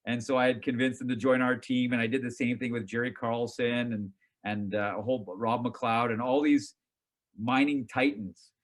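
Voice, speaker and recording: During an interview, a middle-aged man who serves as a company's chairman and CEO casually recounts his career, animated and poking fun at himself as he acts out his past reactions. His voice is medium in pitch and his pace moderate.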